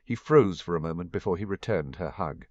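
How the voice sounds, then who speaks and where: A man reading fan fiction aloud as an audiobook narrator, expressive and giving every character a voice. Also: low voice, a little fast, no room sound. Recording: dull, muffled dry recording.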